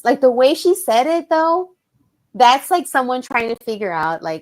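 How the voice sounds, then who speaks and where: A woman guest on a chat show, an animated storyteller who acts out quoted voices and mixes Spanish words into her English. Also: on the high side, brisk. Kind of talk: casual chat.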